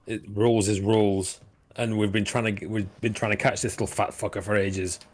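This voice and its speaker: Low-voiced game master. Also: male voice, flat delivery, fairly quick, breathy edge. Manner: casual, many fillers and restarts. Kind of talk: narrating a tabletop game.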